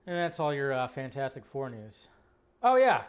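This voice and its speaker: A man's voice: mid-range voice, moderate pace. A man hosting a casual live movie news stream, ranting incredulously, with profanity. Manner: animated, incredulous rants with profanity.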